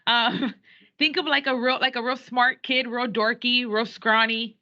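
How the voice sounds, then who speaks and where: A woman teacher with a bright, fairly high voice lectures her class in an animated way, switching between English and Spanish. She is recorded in a classroom. The sound is dull and lo-fi. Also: a little slow.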